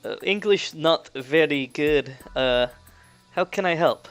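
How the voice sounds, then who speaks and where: A man voicing a friendly foreign oil worker who speaks slow, broken English in a tabletop game. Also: sits high, big pitch swings, a bit bright, faint music behind, pitched above the performer's own voice. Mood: polite. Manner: halting broken English with pauses. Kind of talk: game master voicing a character.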